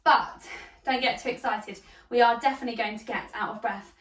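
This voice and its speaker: A woman's voice: a little high, steady tone, a little fast, echoey room, distant mic. A woman leading a hoop workout, out of breath, cheering people on and counting down the reps. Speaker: fitness instructor. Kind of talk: workout instruction.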